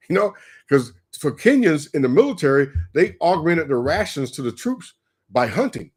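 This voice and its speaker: A man co-hosting a livestream, telling a story in a casual, animated way and acting out the quotes as he goes. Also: a little high, moderate pace, breathy edge. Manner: animated, acts out quoted voices with laughs. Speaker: co-host.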